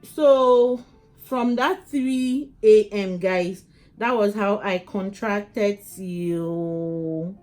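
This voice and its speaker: A woman's voice: mid-range voice, drawn-out words, soft background music. Woman animatedly retelling her birth story. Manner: animated, addresses viewers as guys, many restarts. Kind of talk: casual storytelling to camera.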